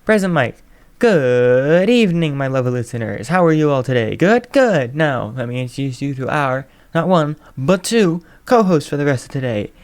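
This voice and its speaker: A man voicing a loud, showy male radio DJ who hosts with exclamatory energy. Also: medium pitch, very animated, normal speed, natural voice. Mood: hyped.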